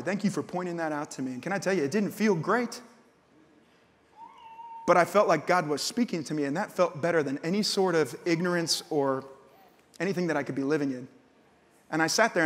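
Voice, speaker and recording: A man in his thirties preaching a sermon, telling stories and acting out voices, swinging from loud outbursts to hushed prayer. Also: fairly high pitch, fast. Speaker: pastor. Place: large church hall. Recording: church hall with long reverb.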